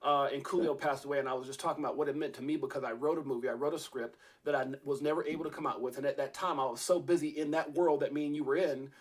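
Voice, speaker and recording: Fast-talking man telling a long story. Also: a little high, steady tone. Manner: rambling, with many fillers and restarts. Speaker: podcast host. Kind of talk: casual storytelling in an interview.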